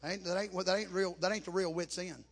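A man preaching a Pentecostal camp meeting sermon, rising to chanted shouts and dropping to a hush. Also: steady tone, brisk. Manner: shouting, chanting cadence at its peaks, then dropping low and hushed.

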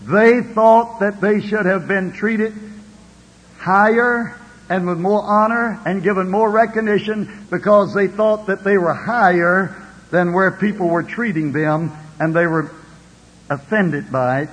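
An older male pastor preaches with a high, husky voice that swells and drops. His words echo with a long reverb through a church hall, and he keeps calling "Amen" to the people. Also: unhurried. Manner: preacher's rising and falling delivery, calling out "Amen". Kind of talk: sermon.

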